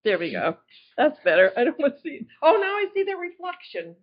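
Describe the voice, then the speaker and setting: A woman's voice: sits high, very animated, brisk, reverberant, muffled recording. A woman taking part in a group session, chatting casually, a bit flustered. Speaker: participant. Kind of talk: casual chat.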